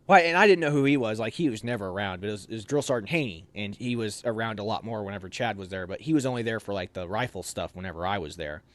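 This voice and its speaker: A man's voice: mid-range voice, dry recording. A young man telling a casual, rambling story as a talk show guest, with many restarts. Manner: rambling, with frequent restarts and fillers.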